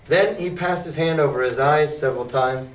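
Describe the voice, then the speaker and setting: A male teacher reading a novel aloud to a class and explaining it in a lively, emphatic way. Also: on the high side, moderate pace. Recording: echoey classroom from far off.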